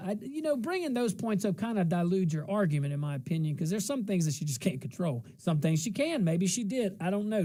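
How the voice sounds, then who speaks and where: A man's voice: high-pitched, dark tone. A man hosting a political talk show, chatting casually and giving opinions. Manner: casual, opinionated, laughing asides. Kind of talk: political talk radio commentary.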